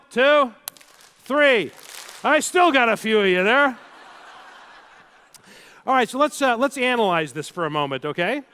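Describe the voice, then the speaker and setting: A man with a high-pitched voice delivers a keynote from a stage before a live audience. He tells stories with animation and playfully leads the crowd through exercises. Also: pushed and bright. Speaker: keynote speaker.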